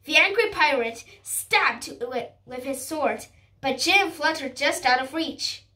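Slow, halting high-voiced female reader. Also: animated, sharp tone, far from the mic. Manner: careful, halting reading with restarts. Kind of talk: reading a storybook aloud.

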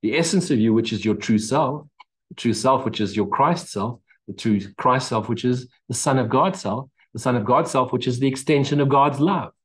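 A man's voice: mid-range voice, moderate pace, poor audio. A man giving a spiritual talk as teacher, emphatic and repetitive, with mocking asides.

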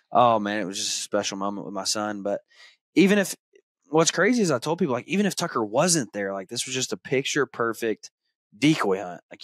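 A man in his thirties hosting a podcast, telling a hunting story in a casual, animated way. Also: medium pitch, dry recording, clean studio sound. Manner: animated retelling, acts out his son's excited shouts. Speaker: podcast host.

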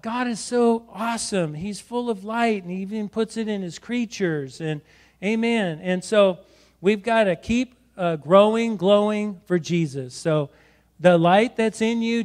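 High-voiced man preaching a sermon. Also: measured pace, darkish tone. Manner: exhorting, repeats words and adds "right?". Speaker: pastor. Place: church sanctuary.

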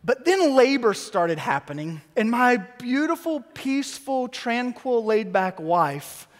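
High-voiced man preaching in a reverberant church. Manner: lively storytelling with quick asides. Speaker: pastor. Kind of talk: sermon. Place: church sanctuary. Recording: long church hall reverb.

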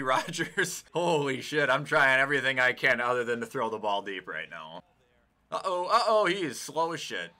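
A young man talks through a football video game in an easy, chatty way. His voice is bright and cutting and sits a little high. It leaps all over the place as he gets excited and curses at the screen. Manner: excitable, swears and yells at the game. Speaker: gaming YouTuber. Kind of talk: casual gameplay commentary.

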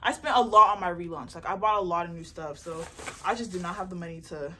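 A young woman chatting casually in an unboxing vlog, excitable and rambling as she talks about her beauty business, recorded on a phone. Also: fairly low pitch, quick pace, a little hiss or hum. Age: young adult. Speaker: beauty entrepreneur and vlogger. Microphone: phone camera mic.

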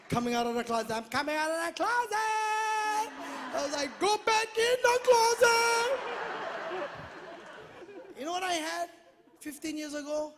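A man doing stand-up comedy on a theater stage, loud and animated, mimicking family members. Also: extremely high pitch, noisy background. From Hawaii. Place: theater stage before a live audience. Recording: echoey theater with a laughing crowd. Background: audience laughter.

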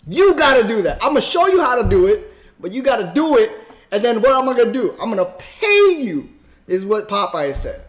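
A man's voice: very high-pitched, big pitch swings, normal speed, fairly bright tone. A man hosting a reaction video, casual and profane, talking back at the screen.

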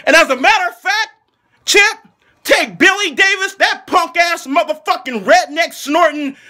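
A Philadelphia man plays an outraged football fan in a profane comedic sports rant. His voice is high, piercing, bright and forceful, and he's furious and mocking, swearing nonstop and bursting into shouts again and again.

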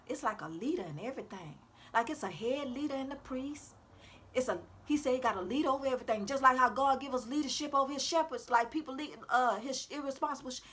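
High bright-voiced woman preaching to viewers. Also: a little hiss or hum. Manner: preachy, repetitive, calls out to her audience. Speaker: self-styled prophetic speaker. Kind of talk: informal religious exhortation to viewers. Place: at home.

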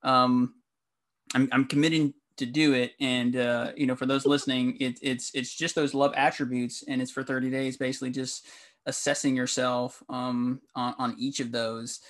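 A man hosting a podcast interview, halting and agreeable as he responds to his guest. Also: medium pitch, level tone. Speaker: podcast host. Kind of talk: casual interview chat.

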